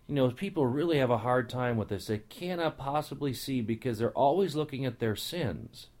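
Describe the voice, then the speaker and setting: A man's voice: medium pitch, darkish tone. A man preaching a Bible teaching sermon, repeating key phrases with emphasis and breaking in with casual asides. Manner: conversational asides and fillers.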